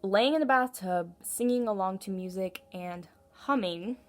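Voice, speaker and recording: A woman's voice: medium pitch, unhurried. A young woman giving a casual tarot reading, with a forward, pinched, brassy tone and an earnest, encouraging, rambling way of talking. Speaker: tarot reader.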